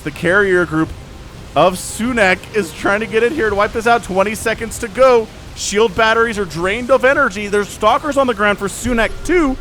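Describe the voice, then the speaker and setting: Male game caster, slightly high voice with lots of swing, excitable, faint music behind. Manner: animated, excitable, voices players in quick asides.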